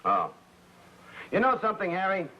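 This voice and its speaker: A bumbling sitcom husband. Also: male voice, sits high, wildly swooping pitch, moderate pace. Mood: grumbling. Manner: flustered, then pompously speechifying. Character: bumbling middle-aged suburban husband and father. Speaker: sitcom actor. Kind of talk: 1950s sitcom acting. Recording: dull lo-fi 1950s TV soundtrack with faint hiss.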